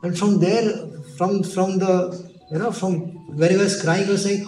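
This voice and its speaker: A man telling devotional stories in an animated sermon. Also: sits high, moderate pace. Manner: animated, switching into Hindi and acted voices. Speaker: preacher. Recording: echoey hall, voice off mic, faint music.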